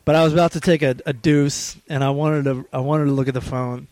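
A man hosting a casual phone chat, an animated storyteller who swears freely and loudly acts out the people he quotes. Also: fairly high pitch, a little fast, no room sound. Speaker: podcast host.

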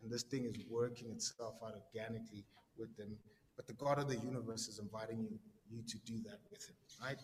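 A man's voice: on the low side, fairly even intonation, brisk, long reverb tail, a little hiss or hum. A man giving a casual, conversational sermon, slangy and full of "right?" tags and repeated words. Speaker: preacher.

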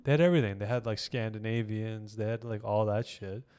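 A man's voice: lowish voice, fairly even intonation, a little fast, a little mellow, clean tone. A male comedian in casual, crude podcast banter, rambling and laughing often. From Canada. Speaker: stand-up comedian, podcast guest. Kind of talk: casual chat.

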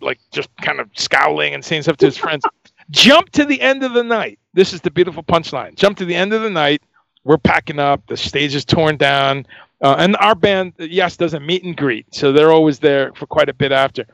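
High, gravelly-voiced man telling a lively story. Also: no echo. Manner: lively, acts out voices in quoted dialogue. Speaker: touring band crew member. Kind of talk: animated storytelling in casual chat.

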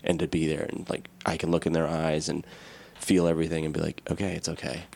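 A man's voice: a bass voice, little pitch movement, quick pace, gravelly, darkish tone. A man co-hosting a podcast, telling a personal story in a candid, rambling way. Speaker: podcast co-host. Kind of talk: casual podcast chat.

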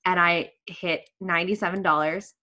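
A young woman on a podcast, telling an emotional story quickly and swearing freely. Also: on the low side, steady tone, pushed and bright. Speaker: podcast guest, author. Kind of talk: casual podcast chat.

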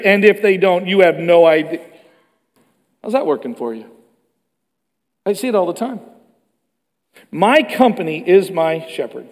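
A man preaching a sermon with animated delivery, moving between loud emphatic passages and hushed ones. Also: high voice, measured pace, pauses often. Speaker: pastor. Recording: long reverb of a large hall.

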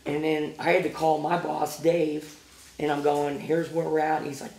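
Gravelly Midwestern man telling stories. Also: fairly high pitch, normal speed, echoey room, a little hiss or hum. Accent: Midwestern American. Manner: animated anecdote teller who acts out quotes. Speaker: guest, former music venue promoter. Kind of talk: casual storytelling interview.

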